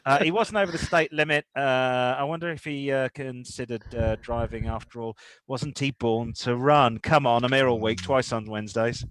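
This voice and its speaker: A man's voice: mid-range voice, normal speed, a bit bright, dry recording. A man hosting a car podcast, reading news stories with rambling, jokey asides. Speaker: podcast host.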